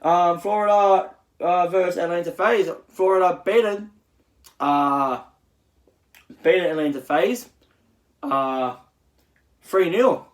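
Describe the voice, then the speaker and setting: A man with a slightly high voice hosts his own casual recap. He stumbles through it, full of fillers and restarts. The sound is echoey, as if recorded in a bare room. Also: slow pace, pauses often. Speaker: channel host. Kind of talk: casual esports results recap.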